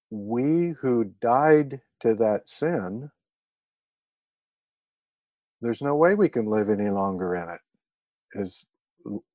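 Man, Bible study leader, unhurried, thoughtful, halting, dry sound. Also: lowish voice, dark tone, no echo. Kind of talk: reflective Bible teaching. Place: room with a group.

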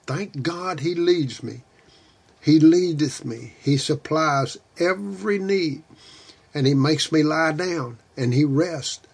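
A man preaching a sermon, reading scripture slowly and deliberately. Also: a little high, gravelly, breathy edge.

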